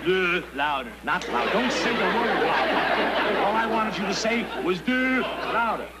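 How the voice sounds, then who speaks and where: A bossy wisecracking comedian. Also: male voice, sits high, lively intonation, over a noisy crowd. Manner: wisecracking, domineering, stalling with drawn-out pauses. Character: brash veteran male comedian, bossy and wisecracking. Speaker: comedian in a sitcom guest spot. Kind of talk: sitcom acting before a studio audience. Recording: noisy sitcom audio with audience laughter.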